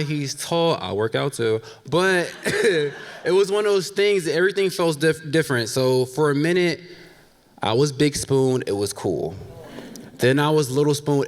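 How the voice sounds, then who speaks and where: A man in his thirties telling a funny true story on stage, candid, with laughing asides to the audience. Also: on the high side. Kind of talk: live personal storytelling on stage. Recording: long reverb of a stage hall.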